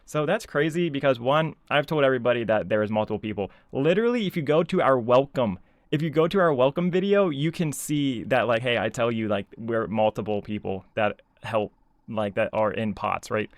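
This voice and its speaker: Sarcastic guy ranting on his channel, smooth voice, dry close sound, middle pitch. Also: brisk, dry recording. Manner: exasperated, sarcastic, heavy filler words. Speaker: YouTube commentator. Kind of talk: casual commentary rant.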